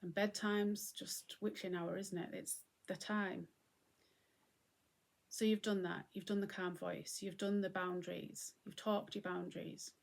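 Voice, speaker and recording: A middle-aged woman giving a gentle, conversational talk on mindfulness and acceptance as host. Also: medium pitch, level tone, a little slow, creaky. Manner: gentle, conversational, often acting out what she would say.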